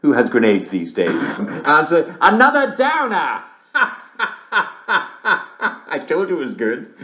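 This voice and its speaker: A man's voice: medium pitch, big pitch swings, moderate pace, roomy sound, muffled recording, close to an everyday voice. An actor playing a jolly, smarmy, cheerfully callous male TV host who presents a joke show in a giggly, theatrical way. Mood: jovial. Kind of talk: game character broadcast.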